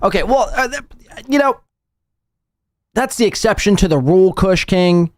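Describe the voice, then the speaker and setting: A man's voice: high voice, animated, brisk, dry recording, clean studio sound. A man hosting a podcast, reacting to clips with crude, mocking commentary and constant swearing. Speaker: podcast host. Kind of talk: profane commentary over clips.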